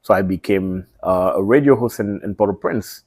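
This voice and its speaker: A man's voice: low voice, moderate pace, darkish tone, breathy edge, dry recording, studio quality. A man with a Haitian accent, a media host telling his story in a casual interview, hesitant with many ums.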